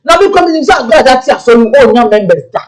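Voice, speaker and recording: Man, lively pitch, rambling pidgin commentary, mixes languages freely. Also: fast, rough recording. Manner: animated, rambling, switching between languages.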